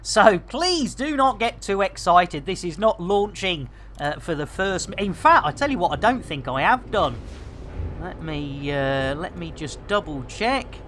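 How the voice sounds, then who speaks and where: A woman chatting casually and jokily to her viewers while she plays a game live, full of slang and quick to laugh. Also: on the low side, sing-song, fairly bright tone, slight background noise. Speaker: game streamer. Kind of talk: casual live-stream chat while playing.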